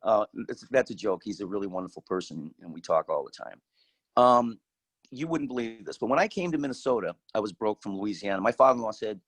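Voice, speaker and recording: A man's voice: fairly low pitch, animated, fast, dry recording, poor audio. Older man telling a folksy life story. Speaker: guest speaker. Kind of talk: personal storytelling.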